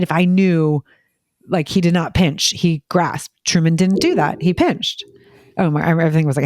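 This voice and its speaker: A woman chatting casually as a parent on a podcast, telling quick, filler-heavy stories and acting out what people said. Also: sits low, darkish tone, no room sound, clean studio sound. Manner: rapid, filler-heavy storytelling, acting out quoted voices. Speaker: parent guest.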